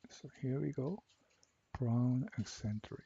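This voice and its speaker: A man walking through a software assignment step by step, repeating each instruction slowly. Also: medium pitch, vocal fry, slightly rough, muffled recording. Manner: slow, step-by-step, repeats cell names. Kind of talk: screen-recorded software tutorial.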